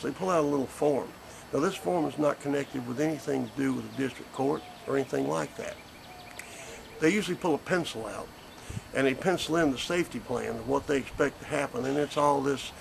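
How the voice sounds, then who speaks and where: Man, fifties, grandfather, very gravelly, mid pitch, blunt, indignant, folksy, faint hiss. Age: 50s. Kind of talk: recorded statement. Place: porch outdoors.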